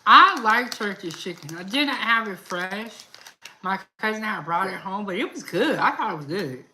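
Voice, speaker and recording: A woman's voice: mid-range voice, expressive, moderate pace, pushed and bright, a little hiss or hum. A woman hosting a casual live stream, chatting and laughing as she reads out viewer comments.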